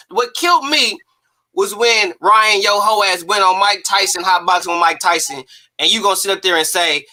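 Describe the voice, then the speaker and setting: A man hosting a casual boxing talk show, animated, slangy and emphatic. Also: high-pitched, brisk. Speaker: host.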